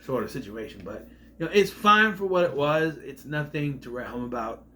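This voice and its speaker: A man's voice: a little high, lively intonation, normal speed, pushed and bright, slight background noise. A man rambling through an opinionated casual review vlog, often trailing off mid-thought. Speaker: TV series reviewer.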